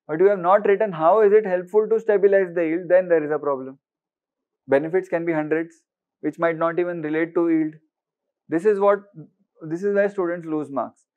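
Heard over phone-quality audio, this high-pitched man speaks with an Indian English accent while teaching an exam-prep class. He often quizzes students, slips Hindi words into his English, and repeats things to stress them.

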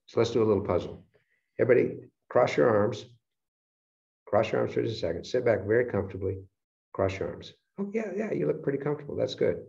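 A man giving a motivational lecture, telling stories and acting out his own reactions with lively energy. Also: on the low side. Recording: dull lo-fi sound.

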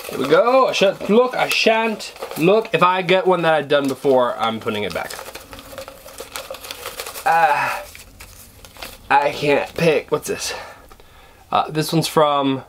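A man's voice: mid-range voice, a bit bright, slight background noise. A man vlogging in a casual, rambling, self-deprecating way, chuckling as he talks. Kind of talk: casual chat to camera.

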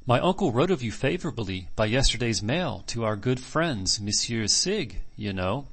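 A man's voice: mid-range voice, big pitch swings, normal speed, a bit bright. A man voicing a young junior partner of a shipyard, a nephew with a faintly contemptuous air. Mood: smooth.

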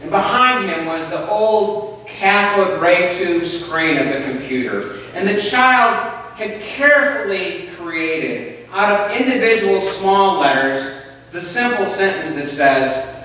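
A man's voice: high voice, expressive, takes it slowly, pushed and bright, slight background noise. A male pastor preaching a sermon in church, telling a story and putting questions to the congregation. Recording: echoey church hall, distant mic.

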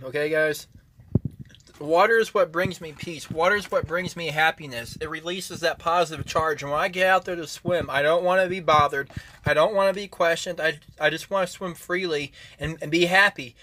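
A man's voice: on the high side, moderate pace, sharp tone, slight background noise. A man in his twenties from Florida, angrily ranting to a phone camera in a repetitive, swearing manner. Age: 20s. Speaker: vlogger. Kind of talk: angry personal rant to camera.

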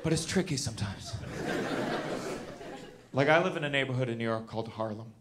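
A man in his thirties doing a stand-up comedy set, animated and shouting punchlines. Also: mid-range voice, brisk, over a noisy crowd. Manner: animated, shouts punchlines, acts out quoted voices. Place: comedy club stage with live audience. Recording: loud audience noise and laughter.

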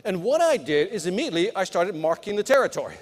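A man's voice: high voice, very animated, quick pace. A middle-aged man giving a live keynote on sales at a conference, with punchy motivational delivery that talks straight to the crowd. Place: large conference hall. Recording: long hall reverb.

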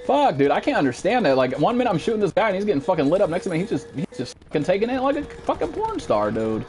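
Faint music runs behind a racing, profane play-by-play from a man in his twenties streaming a shooter. His excitement keeps pushing him into high-pitched outbursts.

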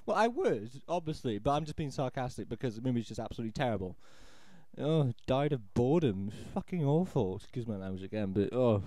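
Exasperated man ranting, lively pitch. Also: brisk, no echo. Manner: exasperated, sarcastic, rambling with restarts. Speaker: amateur film reviewer. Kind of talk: ranting audio film review.

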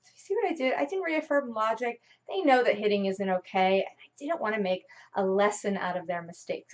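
A woman parenting coach explaining earnestly to viewers, with rhetorical questions. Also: medium pitch. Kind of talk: teaching talk to viewers.

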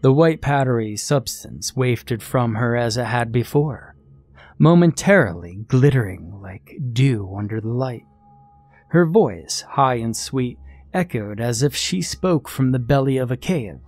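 A man's voice: mid-range voice, expressive, a little mellow, no room sound, soft background music. Man narrating a creepy story, dry sound. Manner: measured, suspenseful storytelling. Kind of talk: scripted horror story narration.

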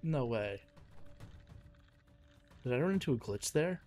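A young man streaming a game live, exasperated and swearing as he reacts loudly to each attack. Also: mid-range voice, lively intonation, unhurried, faint music behind. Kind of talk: live gameplay commentary.

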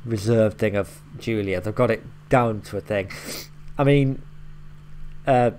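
A man with a lowish voice talks through a reaction video in a loose, rambling way, filling gaps with "like" and "um" and swearing now and then. There is a faint hiss under his voice. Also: a little slow, a little mellow. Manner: rambling, explaining lines with loose fillers and swearing. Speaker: YouTube reaction host. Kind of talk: casual reaction commentary.

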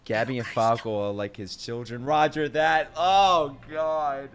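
A young man hosting an anime reaction, excitable and crude, swearing a lot and bursting into shouts. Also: medium pitch, takes it slowly, smooth. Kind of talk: live reaction commentary.

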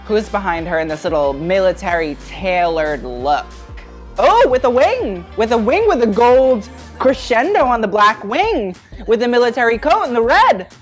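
A woman's voice: a little high, big pitch swings, normal speed, faint music behind. A woman from the UK giving chatty, sassy fashion reaction commentary as a vlogger. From United Kingdom.

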